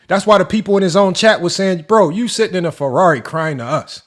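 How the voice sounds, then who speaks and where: A man's voice: high-pitched, expressive, normal speed, few pauses, fairly bright tone. A man hosting a sports debate show, ranting in an exasperated, mocking way and firing off rhetorical questions. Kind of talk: heated commentary rant.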